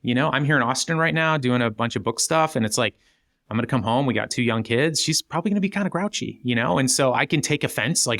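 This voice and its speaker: A man's voice: quick pace, no room sound, studio quality. A middle-aged man, a guest author on a podcast, talking casually and animatedly, his voice jumping up when he acts out quoted voices. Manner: animated, jumps up in pitch acting out quoted voices.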